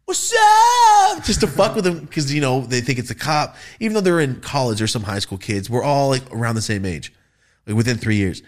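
A young man hosting a podcast, telling party stories in casual, profane, animated style. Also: mid-range voice, a little fast. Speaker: podcast host. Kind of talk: casual storytelling.

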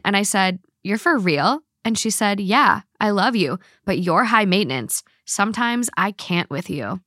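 A woman hosting a podcast, chatting casually and reading listener stories aloud in a blunt, animated way. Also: medium pitch, no room sound, studio quality. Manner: blunt, swears freely, animated. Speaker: podcast host.

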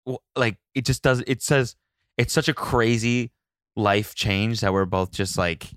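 A man's voice: medium pitch, unhurried, fairly bright tone, clear, resonant tone, no room sound, studio quality. A man chatting as a podcast guest, easygoing and fond of corny jokes. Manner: easygoing, joking, dad jokes. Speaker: podcast guest, host's husband. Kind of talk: casual chat.

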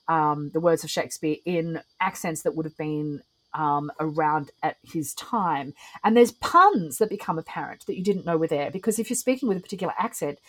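A woman's voice: sits low, poor audio. A woman, a podcast guest who explains things thoughtfully with frequent ums. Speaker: guest, ritualist and singer. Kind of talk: casual podcast conversation.

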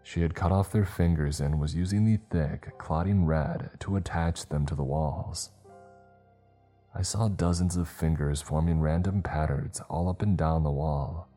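A man narrating a scary story in a slow, measured, grave delivery. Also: a bass voice, dark tone, faint music behind. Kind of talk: scripted horror story narration.

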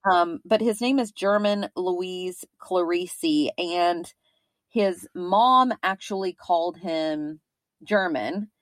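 A woman's voice: lowish voice, slow, dry recording. A woman in her thirties with a Kentucky accent, co-hosting a true-crime podcast in a chatty, rambling way with frequent fillers. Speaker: podcast co-host.

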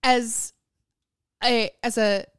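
A woman's voice: a little high, steady tone, extremely slow, fairly bright tone, smooth, no room sound, clean studio sound. Blunt, wry woman. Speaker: podcast co-host. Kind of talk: casual chat.

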